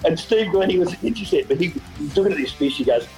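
A middle-aged Australian man with a high, gravelly voice talks quickly over soft background music on a rough recording. An event organizer, he's telling stories in an interview, animated and laughing often as he acts out quotes.

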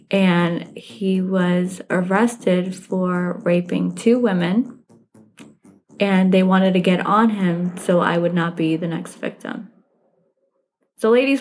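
A young woman tells a personal story in a loose, chatty way. She fills it with "like" and acts out what everyone said. Clear music runs behind her voice. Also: medium pitch, darkish tone. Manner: chatty, heavy use of "like", quotes herself and others. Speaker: storyteller recounting a date. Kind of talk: casual storytelling.

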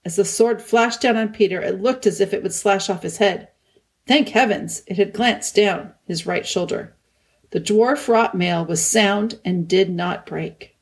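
A woman narrating a children's novel in a calm, measured audiobook reading. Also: medium pitch. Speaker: audiobook reader.

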